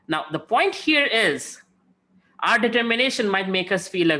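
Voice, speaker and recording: A man speaking on spiritual themes, his voice pitched a little high and ringing bright. He talks casually and tells stories, tossing in "right?" to keep listeners with him. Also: very animated, brisk. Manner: conversational, frequent "right?" tags, acts out quotes. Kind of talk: devotional talk with storytelling.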